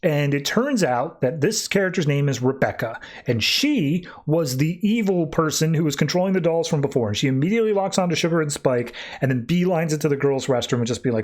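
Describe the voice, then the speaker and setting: A podcast host recaps a comic issue in relaxed, chatty fashion. His voice sits slightly high for a man. He keeps the retelling animated with quick quoted lines. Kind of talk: casual comic book recap.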